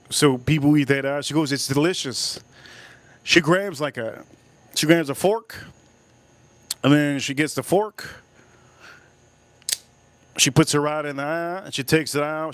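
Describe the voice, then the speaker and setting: A livestream host with a medium-pitched voice tells a vulgar, wandering story, deliberately repeating lines for effect. The recording is dry.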